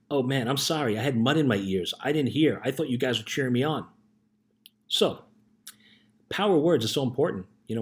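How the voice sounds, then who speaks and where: A middle-aged man, a youth life coach, telling a story in an earnest casual motivational talk and often checking in with "right?". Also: mid-range voice.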